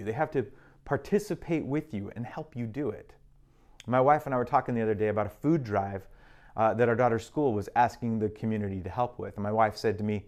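A man preaching a sermon in a relaxed, conversational teaching style, adding dry little jokes. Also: medium pitch. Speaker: pastor. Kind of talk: sermon on parenting and faith.

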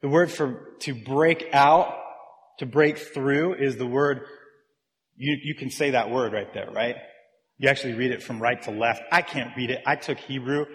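A man's voice: mid-range voice, normal speed. A man, a pastor, giving a sermon in a conversational style and talking directly with his congregation. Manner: conversational preaching that engages the congregation. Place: church. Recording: long reverb of a large church hall.

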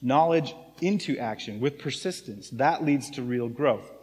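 Chatty pastor preaching in a reverberant hall. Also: male voice, mid-range voice, a little slow, a little mellow. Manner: conversational, chatty, asks the congregation "right?". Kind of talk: sermon. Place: church sanctuary.

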